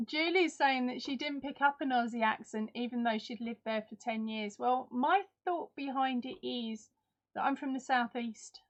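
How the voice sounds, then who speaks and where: A woman's voice: sits high, moderate pace. A woman from Essex with an Essex accent, chatting casually with viewers by name during a live-stream giveaway, self-deprecating and friendly. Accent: Essex English. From Essex, England. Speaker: crochet channel host.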